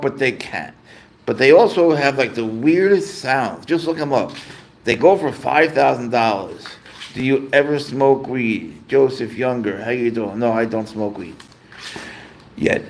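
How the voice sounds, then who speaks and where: An easygoing man hosts a casual livestream, his voice sitting at a middling pitch. He rambles loosely from one viewer comment to the next. A faint hiss runs under his talk. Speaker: livestream host and pet owner.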